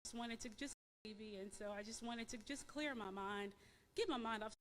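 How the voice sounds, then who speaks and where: A woman with a somewhat high voice tells her personal testimony in church. She speaks in an emotional, halting way, restarting and repeating words with plenty of fillers. Her voice carries a long reverb from the sanctuary. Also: a bit bright. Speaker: church member giving testimony.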